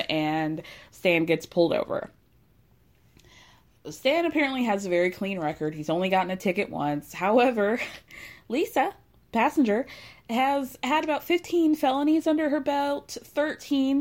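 Woman, casual recap, animated, gossipy, quick to laugh. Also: medium pitch.

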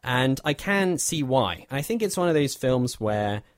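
A man's voice: mid-range voice, sing-song, unhurried, no room sound, clean studio sound. A man, casually reviewing a film in a wry, rambling way. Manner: wry, rambling, self-deprecating. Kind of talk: casual chat.

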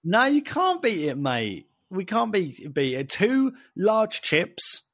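A man's voice: sits high, slow pace, dry recording, studio quality. A young British man co-hosting a podcast, chatting casually with playful slang and jokes. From United Kingdom. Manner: lively, jokey, playful slang. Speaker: podcast co-host.

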